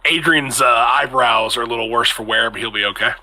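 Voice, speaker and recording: Man, game master, tabletop game narration, casual and joking, very bright voice. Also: mid-range voice, a little fast.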